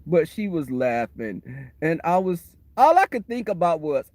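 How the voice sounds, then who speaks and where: A man's voice: on the high side, a little slow, no echo. A man hosting a casual livestream, telling stories to his chat with lots of laughter. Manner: animated storytelling, laughs often, talks to the chat. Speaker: livestream host. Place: waiting for a shuttle, outdoors or in transit.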